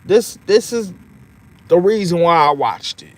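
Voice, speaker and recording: Animated, laughing man reminiscing. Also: high-pitched, measured pace. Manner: animated, laughs often, swears freely, repeats "you know what I mean". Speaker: vlogger. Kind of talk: casual reminiscing monologue.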